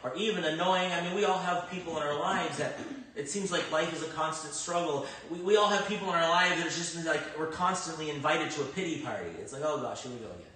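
Emphatic preacher in a very echoey hall. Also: male voice, a little high, a little fast, recorded from a distance. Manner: conversational, swings from loud emphatic bursts to quiet reflection. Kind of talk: sermon. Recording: very echoey room, speaker off-mic.

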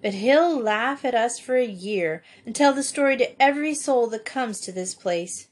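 A woman reading aloud, voicing an anxious, fretful farm girl in a higher, urgent voice. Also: expressive, normal speed. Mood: bitter.

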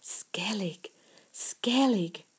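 A woman's voice: mid-range voice, lively intonation, measured pace, a little mellow. A woman reading an audiobook, voicing an earnest young girl who explains things with intense, insistent eagerness. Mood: whispered. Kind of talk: audiobook character voice.

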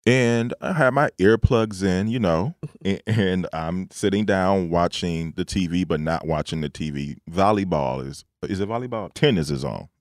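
A man's voice: low voice, normal speed, few pauses, no echo, clean studio sound. A man co-hosting a casual chat, telling a story with lots of acted-out quoted dialogue. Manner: animated storyteller who acts out quoted dialogue.

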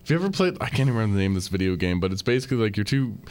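A man's voice: on the low side, big pitch swings, racing, a little mellow. A man co-hosting a podcast, riffing sarcastically and with animation in casual chat about a wrestling show. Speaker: podcast co-host.

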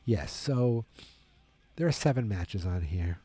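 A man talks in a low, deep, very dark voice that sounds a little husky. He rambles casually and tiredly, full of fillers and false starts. The recording is dry and close. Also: expressive, slow, no echo. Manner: rambling, lots of fillers and restarts. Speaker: wrestling podcast host. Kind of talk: casual solo commentary.

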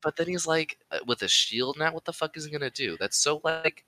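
A young man co-hosts a casual podcast and rambles through his opinions, swearing freely. His voice is strikingly bright and moves up and down a lot. The sound is dry and close. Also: fairly high pitch, lively intonation, a little fast, no echo. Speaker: podcast co-host. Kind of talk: casual chat.

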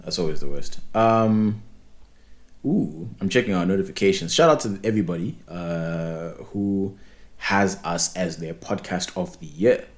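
Lively podcast co-host. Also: male voice, low voice, measured pace. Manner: animated, opinionated, lots of restarts. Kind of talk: casual podcast chat.

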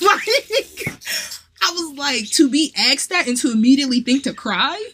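A woman hosting a casual podcast chat, talking in an animated way, laughing often and acting out what others said. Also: high voice, moderate pace, slight background noise. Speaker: podcast host.

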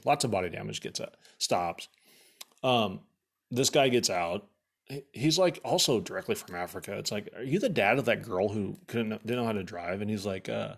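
A man's voice: fairly low pitch, vocal fry. A man casually telling a rambling story, swearing freely and filling it with "like.". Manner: profane, rambling with many "like" fillers; animated, exasperated retelling.

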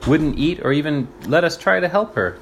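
A man's voice: on the high side, lively intonation, moderate pace, slight background noise, voice pushed up. A man reading aloud, voicing a crafty middle-aged guardian who barks angrily and then turns falsely pleasant. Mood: smooth.

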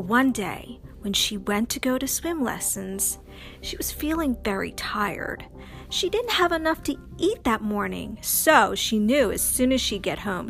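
High-voiced woman telling a kids' bedtime story, slow and lilting, soft music behind. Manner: slow, sing-song, dramatic ups and downs. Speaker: children's storyteller. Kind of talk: bedtime story narration for children.

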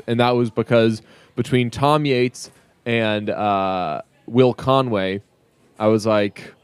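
Male podcast co-host, mid-pitched, chatty and joking, dry close mic. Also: unhurried, smooth, dry recording. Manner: chatty, joking, many restarts. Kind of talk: casual chat.

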